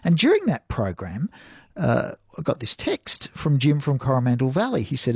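A man's voice: mid-range voice, huge pitch swings, normal speed, husky, no room sound, clean studio sound. A man with an Australian accent hosting a radio quiz and chat show, playful and teasing. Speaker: radio host.

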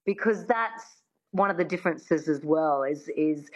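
A woman's voice: mid-range voice, expressive, normal speed, hardly any pauses. A woman, a dialect coach who patiently demonstrates sounds and has the listener repeat them in an interview. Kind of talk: interview guest teaching an accent. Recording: dull, muffled sound.

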